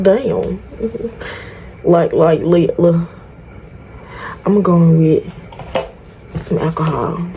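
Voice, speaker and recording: Chatty woman vlogger with a mellow voice. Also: low voice, slight background noise. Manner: chatty, talks straight to viewers; frank and exasperated, swears freely. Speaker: beauty vlogger. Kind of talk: casual tutorial vlog chat.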